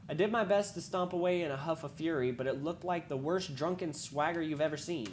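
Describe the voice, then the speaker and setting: A woman reading a visual novel aloud, wry, with asides and quick self-corrections. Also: deep voice, a little mellow, a little hiss or hum. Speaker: game reader.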